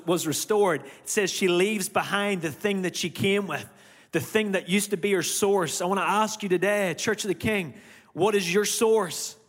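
Originally from Ireland, the pastor now carries a slightly Americanized accent and a high voice, set in a big-room sound. He preaches in a chatty way, breaking off for asides to the people listening.

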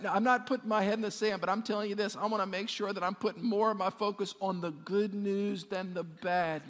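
A man preaching a sermon as pastor, with an energetic, repetitive delivery that calls on the congregation to respond. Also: sits high, vocal fry. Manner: energetic, repeats words, asks the congregation to respond. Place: church sanctuary. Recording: long hall reverb.

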